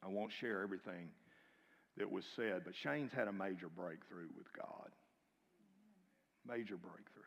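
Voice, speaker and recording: A man preaching a sermon, swinging from loud, urgent calls to quiet near-whispers and calling on the congregation to repeat his lines. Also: deep voice, a little slow, pauses often. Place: church sanctuary. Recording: long reverb of a large hall.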